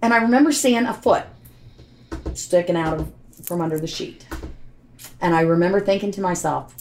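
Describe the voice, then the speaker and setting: A woman's voice: fairly low pitch, expressive, moderate pace, a little mellow, a little hiss or hum. A woman telling, in her own words, what happened to her family, blunt and repeating herself under strain. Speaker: interviewee recounting a family tragedy. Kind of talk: emotional first-person recounting.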